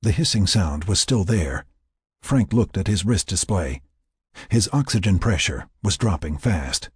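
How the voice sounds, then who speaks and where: A man narrating a tense story in a measured, scripted way with a raspy voice. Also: deep voice, expressive, dry recording, studio quality.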